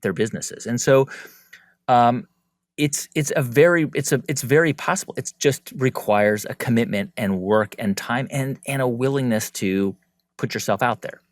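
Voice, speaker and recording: A man speaking as a podcast guest in relaxed conversation, animated and often slipping into the voices of people he quotes. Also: medium pitch, normal speed, dry recording, clean studio sound. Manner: animated, acts out quoted speech. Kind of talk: conversational interview.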